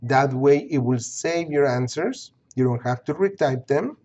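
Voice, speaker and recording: A man's voice: mid-range voice, a little slow, darkish tone, highs cut off. Man instructor walking students through a course. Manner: instructive, repeats himself, checks in with "okay?". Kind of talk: screen-recorded course walkthrough.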